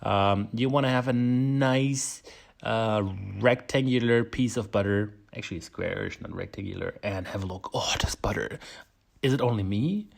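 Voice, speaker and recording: A man's voice: lowish voice, moderate pace, vocal fry. A man with a German accent, hosting a casual baking tutorial, chatty and self-deprecating, laughing often. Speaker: home baker, channel host.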